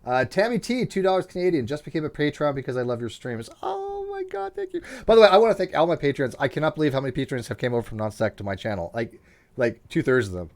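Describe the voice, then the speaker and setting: A man hosting a casual livestream chat, excitable and jokey, quick to laugh. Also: medium pitch. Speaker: livestream host.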